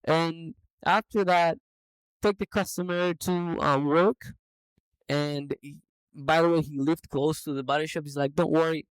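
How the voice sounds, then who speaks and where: A man who owns a business, telling a story in a lively, casual way on a podcast. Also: fairly high pitch, measured pace, smooth, dry recording, poor audio. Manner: animated anecdote telling. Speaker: business owner.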